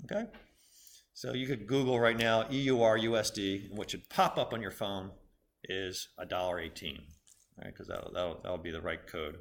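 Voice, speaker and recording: A man's voice: fairly low pitch, fairly even intonation, moderate pace. A man lecturing a business school class in a conversational, explanatory way, often stopping to correct himself.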